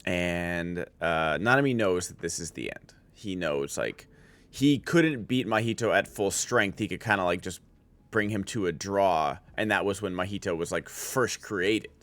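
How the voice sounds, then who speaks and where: A man's voice: deep voice, unhurried, a bit bright. A man giving a casual spoken anime review as a streamer, rambling with many filler words and restarts.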